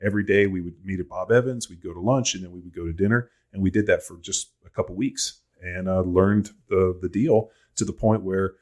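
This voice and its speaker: A middle-aged man with a very low, deep voice talks quickly in a casual podcast chat. He tells his stories bluntly and swears freely. He sounds like an unpolished host swapping stories with guests. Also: fairly even intonation, a little mellow. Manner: blunt and profane storyteller.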